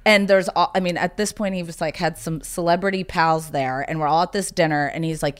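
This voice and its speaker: Chatty woman with a lowish voice. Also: fairly even intonation, brisk. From South Carolina. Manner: chatty storyteller, fillers of "like". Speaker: podcast guest. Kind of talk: casual interview chat.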